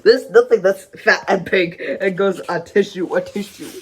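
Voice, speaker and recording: Reader doing a rude bragging pig from a storybook, loud and giggly, faint hiss behind. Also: mid-range voice, level tone, moderate pace, close to an everyday voice. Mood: worried. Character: rude boastful clever pig.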